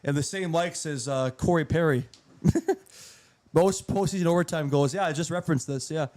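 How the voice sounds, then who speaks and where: A man's voice: a little high, moderate pace, a little mellow. A man co-hosting a casual hockey chat while watching a live game, teasing his co-host and laughing often.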